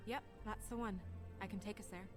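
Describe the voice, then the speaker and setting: A woman's voice: medium pitch, steady tone, a little fast, music in the background, lightly acted. An actress playing a composed, businesslike female office deputy in a video game. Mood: firm.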